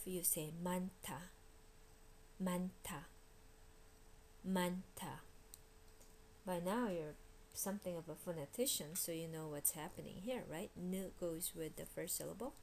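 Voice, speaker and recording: Woman teaching vocabulary, gravelly low voice. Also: lively intonation, a little mellow, slight background noise. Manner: explanatory, repeats each word slowly for drilling. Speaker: Korean language teacher. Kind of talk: recorded vocabulary lesson.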